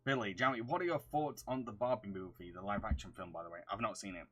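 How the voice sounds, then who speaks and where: A man's voice: lowish voice, fast, fairly bright tone. Man with a London-Yorkshire accent. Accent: mixed London and Yorkshire English. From England. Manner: reads viewer questions aloud, hums to himself while scrolling; over-enunciated. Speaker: streamer answering chat. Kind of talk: casual livestream Q&A chat.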